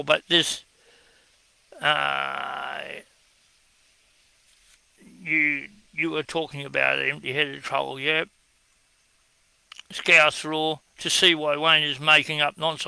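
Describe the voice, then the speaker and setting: A man's voice: a little high, creaky, sharp tone, clean tone, no room sound, low-quality recording. An Australian man speaking in a blunt, scornful way, giving a combative monologue as he answers viewer comments.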